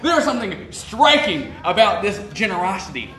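A man's voice: on the high side, lively intonation, a little slow, fairly bright tone, far from the mic. A man preaching a sermon in a conversational way, pressing his points with rising, emphatic questions and acting out the people he quotes. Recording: roomy echo, voice from off-mic.

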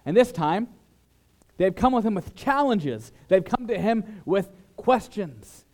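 Man, pastor, sermon, slightly high voice, loud then hushed delivery. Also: slow. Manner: dramatic shifts in loudness, mimics flatterers in higher voice.

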